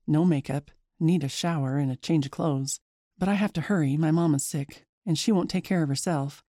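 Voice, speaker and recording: A woman narrating a scary story in the first person in a lively, chatty way. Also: low-pitched, dry recording, clean studio sound.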